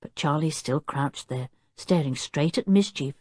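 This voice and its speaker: A woman narrating a children's audiobook, telling the story clearly and expressively while doing the characters' voices. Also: low-pitched, unhurried, a little mellow, no echo, studio quality.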